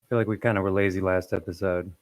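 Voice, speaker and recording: Musing man with a lowish voice. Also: little pitch movement, racing, dry recording. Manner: wondering, asks questions aloud. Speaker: watch-along participant. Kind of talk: casual chat over a voice call.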